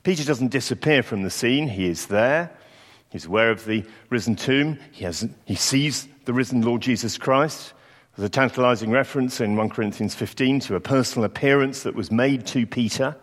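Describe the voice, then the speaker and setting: A man's voice: medium pitch, normal speed. Man preaching in a reverberant hall. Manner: reflective, storytelling delivery with acted quotes. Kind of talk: sermon.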